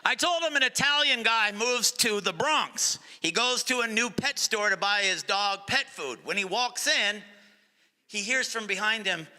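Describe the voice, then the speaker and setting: A man's voice: high voice, unhurried. A middle-aged man doing live stand-up comedy, slipping into character voices as he tells jokes. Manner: animated, jumps into character voices. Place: comedy stage before an audience. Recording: live venue with long reverb.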